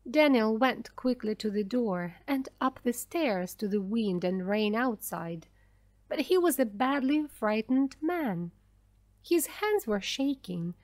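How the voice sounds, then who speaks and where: Slow, careful woman reading a simple story. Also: fairly high pitch, darkish tone, no echo. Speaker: audiobook narrator. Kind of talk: scripted narration of an easy graded reader.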